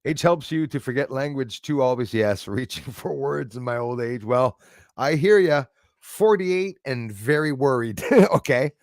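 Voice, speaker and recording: A man's voice: medium pitch, animated, unhurried, a little mellow, dry recording, clean studio sound. A man in his forties hosting a live stream, chatting loosely and chuckling often as he answers viewer comments. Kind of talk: casual chat reading viewer comments.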